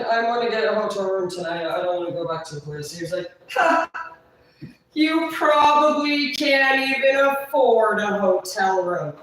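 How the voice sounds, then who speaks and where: A woman telling a long story on a livestream in a rambling, profane way, swearing constantly. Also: on the low side. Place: indoors, live stream. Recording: roomy echo, distant mic.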